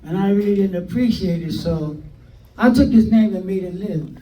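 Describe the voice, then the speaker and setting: An older man telling stories from his past in a documentary interview, animated, acting out what people said, with hesitant fillers. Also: sits high, moderate pace, dull audio. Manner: animated, acts out quoted dialogue with hesitant fillers. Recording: roomy sound from a distant mic, faint noise.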